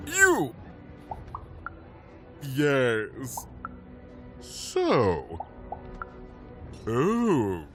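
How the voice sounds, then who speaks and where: A haughty, easily offended noble in a video game. He barks short, dismissive commands at a very slow, deliberate pace, his pitch leaping high and dropping low, with faint music underneath. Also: huge pitch swings, heavily acted. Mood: imperious. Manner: imperious, dismissive, clipped commands.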